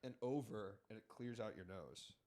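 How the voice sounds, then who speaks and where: Lively-voiced man hosting a stream. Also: lowish voice, normal speed. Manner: rambling, swears freely. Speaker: streamer host. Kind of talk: casual live-stream chat. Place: small streaming studio.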